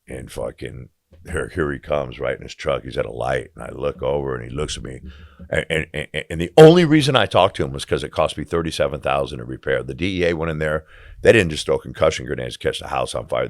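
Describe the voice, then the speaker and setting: A man's voice: very deep voice, creaky, no room sound, clean studio sound. A man telling his story as a podcast guest in blunt, profane casual talk, acting out the dialogue as he goes.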